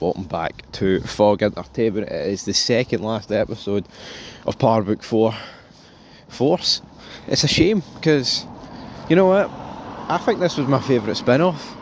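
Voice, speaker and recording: A man's voice: fairly low pitch, moderate pace, a little hiss or hum. Rambling man reviewing a show. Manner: rambling, animated, swears freely, addresses viewers as folks. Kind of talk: casual spoken review.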